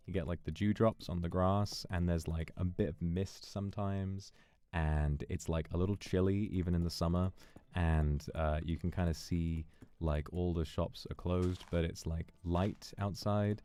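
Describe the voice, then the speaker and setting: A man streaming and chatting casually, musing in a relaxed way and thanking viewers for donations. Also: low voice, clear, resonant tone. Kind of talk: casual livestream chat.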